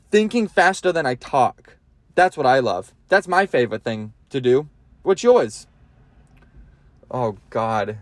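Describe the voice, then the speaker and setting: A young man talks alone into a close podcast mic, swearing freely and drifting off topic in a self-mocking ramble. His voice sits a bit high for a man, and the recording is dry with no room sound at all. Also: no room sound. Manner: crude, self-mocking, jumps between tangents. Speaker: podcast host. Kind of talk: rambling solo podcast monologue.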